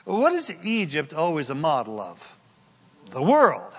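A man preaches verse by verse in a folksy, animated way, weaving in stories. His voice sits a little high and sounds bright and forceful. A long reverb from a large hall trails his words. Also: measured pace. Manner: folksy, animated, with storytelling asides. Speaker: pastor. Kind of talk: expository sermon. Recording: echoey hall.

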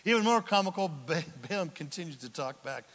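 A man preaching a sermon, animated, swinging from loud lines to whispered asides. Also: a little high, moderate pace, big-room sound. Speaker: pastor.

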